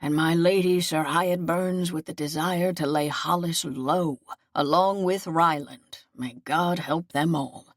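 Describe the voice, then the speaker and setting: Woman voicing an old wounded seneschal, low, solemn and fatherly, for an audiobook, dry recording. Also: steady tone, unhurried, dry recording. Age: older. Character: aging wounded male seneschal, gentle and loyal.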